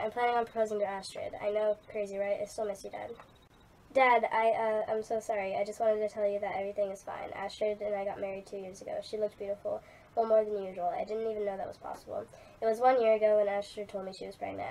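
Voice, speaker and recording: A young woman reading aloud her old fanfiction, voicing a grieving young male chief who speaks softly and earnestly to his late father. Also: mid-range voice, level tone, quick pace, close to an everyday voice. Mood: wistful. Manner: soft and heartfelt.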